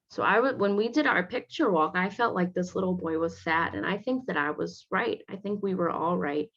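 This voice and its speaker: A woman teacher reading a picture book aloud to children, stopping gently to explain the pictures. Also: deep voice. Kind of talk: read-aloud with commentary for children. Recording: dull lo-fi recording.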